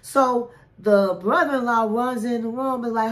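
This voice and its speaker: A woman hosting a casual reality TV recap, telling it in a sassy, animated way and calling the listener honey. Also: a little high, unhurried.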